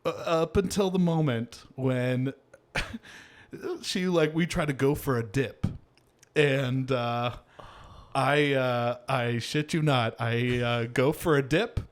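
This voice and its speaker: A man's voice: mid-range voice, steady tone, slow. Rambling, laughing man hosting a podcast. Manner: rambling, laughing storyteller with many fillers. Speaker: podcast host. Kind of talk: casual chat.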